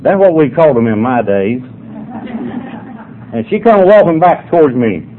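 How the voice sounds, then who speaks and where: Older male storyteller, folksy drawl, mid-pitched; lo-fi, phone-like capture. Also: sing-song, normal speed. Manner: folksy, drawling yarn-spinner. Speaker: speaker at a sobriety meeting. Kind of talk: humorous storytelling to an audience. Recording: tinny phone-like recording, faint noise.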